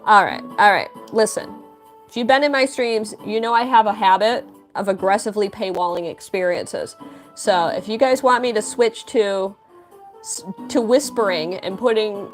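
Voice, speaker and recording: This young woman speaks in a mid-range voice at normal speed, with faint music playing behind her. Drawing live on stream, she keeps the conversation casual, fielding viewer questions and playfully teasing her chat.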